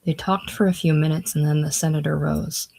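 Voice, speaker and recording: Casual audiobook reader doing a classic novel, plain and unhurried. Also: mid-range voice, steady tone, creaky, warm tone, low-quality recording.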